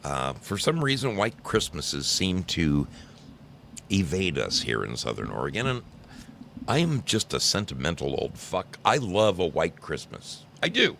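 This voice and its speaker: A man's voice: low-pitched, wildly swooping pitch, measured pace, gravelly, a bit bright, a little hiss or hum. A man in his sixties from New Jersey, hosting a livestream and chatting casually with viewers, teasing and rambling through stories. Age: 60s. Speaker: livestream host. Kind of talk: casual chat with live chat viewers.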